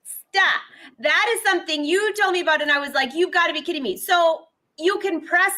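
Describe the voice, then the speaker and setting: A woman's voice: very high voice, fairly quick, bright, forceful tone. A woman hosting a sewing vlog, asking her co-host curious follow-up questions in casual chat.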